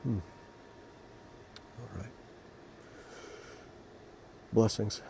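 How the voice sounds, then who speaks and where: Low, flat-voiced man reflecting emotionally. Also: gravelly, a little hiss or hum. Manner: emotional, halting, with many restarts. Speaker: Christian devotional video host. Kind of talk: scripture reading and personal reflection.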